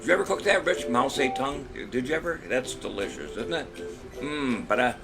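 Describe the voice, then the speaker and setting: A man hosting a casual trivia show, cracking corny jokes, rambling between questions and reading each question out slowly. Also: mid-range voice, lively intonation, creaky, music in the background. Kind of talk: casual live-stream quiz hosting.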